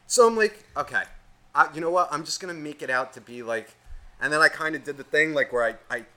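Young guy on a podcast cussing nonstop, bright forceful voice, kinda high. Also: fairly quick. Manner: swears constantly, animated ranting. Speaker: podcast co-host. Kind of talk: casual profane storytelling.

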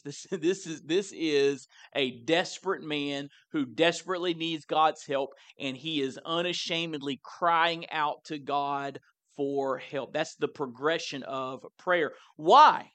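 A man's voice: on the high side, measured pace, a bit bright, no echo. A man pastor preaching a sermon in a conversational way, often repeating words as he stresses a point.

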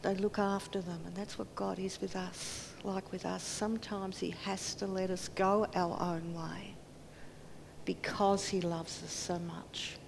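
A woman preaches earnestly with a creaky voice that has little pitch movement and a slightly slow pace. She performs quoted voices and lowers to near whispers. Hall reverb and a faint rumble can be heard.

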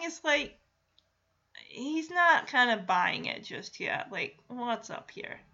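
Chatty female host with a bright, forceful tone; retells scenes loosely, muffled home recording. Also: a little high, big pitch swings, takes it slowly. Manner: chatty retelling, frequent "like", light laughs. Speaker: podcast host recapping a TV episode. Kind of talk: casual chat.

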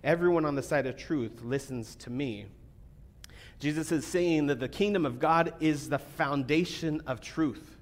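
A man giving a sermon as a pastor, talking casually with fillers and restarts, then reading scripture more quietly. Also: fairly high pitch, a little slow. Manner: conversational preaching with fillers, reads scripture quietly.

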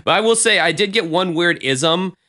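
A man's voice: sits high, animated, moderate pace, sharp tone. A man co-hosting a casual podcast, rambling and profane with many fillers. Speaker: podcast co-host.

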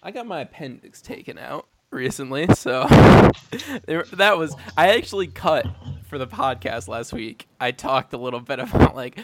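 Young man, podcast co-host, jokey, laughs a lot, slightly higher voice. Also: very animated, unhurried, very noisy. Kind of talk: casual chat.

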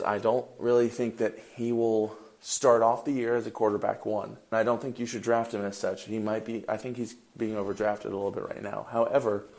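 A young man hosting a fantasy football show, giving casual solo commentary and thinking aloud with fillers and restarts. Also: lowish voice. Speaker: fantasy football podcast host.

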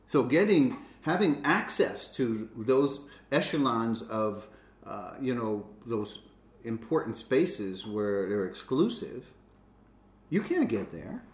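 A man's voice: mid-range voice, sing-song, slow, reverberant. A man preaching a sermon, stressing key words by rising and dropping his voice.

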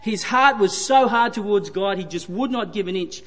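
A high-voiced man delivers a sermon, leaning on repetition for emphasis. His voice carries a long hall reverb around it. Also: normal speed, a bit bright. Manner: retelling scripture with emphatic repetition. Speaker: preacher.

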